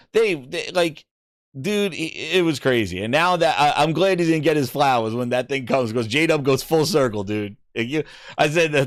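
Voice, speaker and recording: A gaming channel host with a fairly high, slightly bright voice reads viewer comments on his livestream, trading casual, profane, hype-fueled banter. The recording is clean studio sound with no echo.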